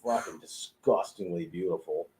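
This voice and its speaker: A man with a somewhat low, dark and mellow voice tells stories from his life as a tattoo artist. He talks casually and profanely, laughing often as he goes. He is recorded in a tattoo studio. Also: moderate pace, poor audio. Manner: profane, laid-back, laughing storyteller. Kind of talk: casual storytelling chat.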